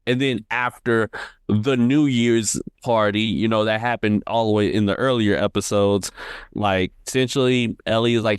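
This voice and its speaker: A man's voice: fairly low pitch, normal speed, smooth, dry recording, studio quality. A man co-hosting a podcast, recapping a TV episode in a loose, rambling way, full of "like" and "uh". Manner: relaxed, rambling, lots of fillers. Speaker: podcast co-host. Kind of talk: casual recap chat.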